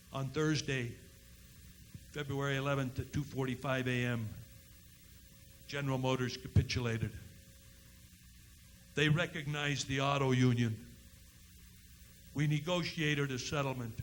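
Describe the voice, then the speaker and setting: A man giving a dramatic first-person historical monologue on a college forum stage, oratorical and impassioned, with slow emphatic build-ups. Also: mid-range voice, fairly even intonation, a little hiss or hum, low-quality recording. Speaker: historical reenactor.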